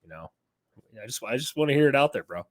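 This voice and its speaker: A man co-hosting a casual sports podcast, excitable and jokey, with lots of fillers. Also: medium pitch, fast, no echo. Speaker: podcast co-host.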